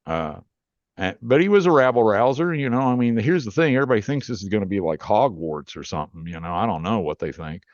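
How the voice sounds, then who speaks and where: A man's voice: lowish voice, animated, quick pace, dry recording, lo-fi sound. A male rootworker and author, a podcast guest, telling his story in a plainspoken, earnest, rambling way.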